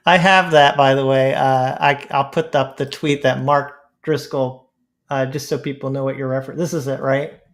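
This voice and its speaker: A man hosting a casual panel podcast, chatty and quick to laugh, reading posts aloud. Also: mid-range voice, steady tone, fairly bright tone. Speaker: podcast host.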